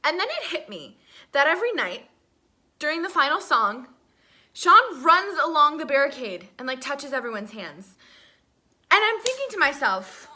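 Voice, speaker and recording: A young woman telling an excited storytime vlog, swearing often and filling her talk with "like". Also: high voice, moderate pace. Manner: breathless, swearing, lots of "like" fillers. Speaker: vlogger.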